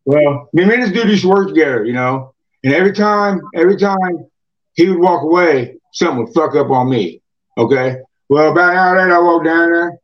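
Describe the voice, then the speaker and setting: With a fairly high pitch and a quick pace, a moonshiner on a podcast tells a drawn-out story in casual conversation. He swears all the time and keeps throwing in "man" and "you know," all captured in dull, lo-fi audio.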